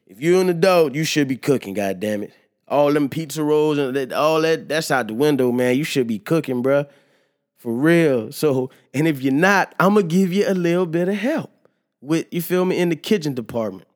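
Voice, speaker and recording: A young man hosting a casual solo podcast, loose and joking, sometimes getting loud and animated. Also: on the high side. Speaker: podcast host.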